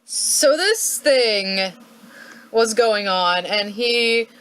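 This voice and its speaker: Playful woman with a lively, drawling voice. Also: on the high side, drawn-out words, clean tone, faint music behind. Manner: playful, jokey, acts out quotes in silly voices. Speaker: history vlogger. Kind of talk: comic history retelling.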